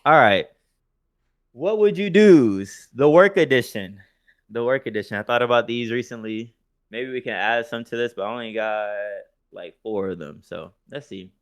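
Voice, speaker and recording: Profane, laughing podcast co-host. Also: male voice, medium pitch, moderate pace, fairly bright tone, no echo, clean studio sound. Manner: profane storytelling, laughing often. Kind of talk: casual chat.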